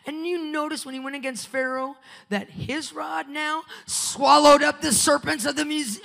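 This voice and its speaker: A woman preacher giving a fiery sermon in a church, swinging between shouting and hushed whispers. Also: high-pitched, fairly even intonation, normal speed, vocal fry. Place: church sanctuary. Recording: long church-hall reverb.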